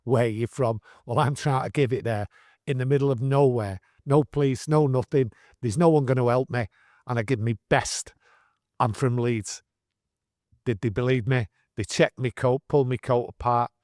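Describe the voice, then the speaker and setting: A man in his sixties with a Manchester accent, telling his story in an earnest, animated way with broad northern dialect. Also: medium pitch, a little fast, no echo, clean studio sound. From England. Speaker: guest storyteller. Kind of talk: casual storytelling interview.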